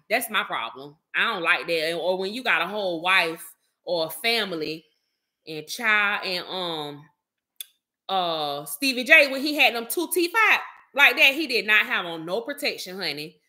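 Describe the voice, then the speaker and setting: Lively, bright-voiced woman gossiping. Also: on the low side, normal speed. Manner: animated, chatty, sprinkles "child", "baby" and "honey"; talks straight to her viewers as "y'all". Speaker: vlogger host. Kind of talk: casual gossip chat.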